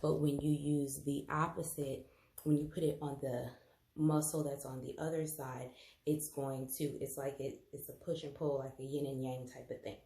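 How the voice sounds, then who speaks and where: A woman's voice: very deep voice, flat delivery, normal speed, warm tone, roomy sound. A woman giving a casual home demonstration as a health educator, chatty and apologetic, with many ums and restarts. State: out of breath.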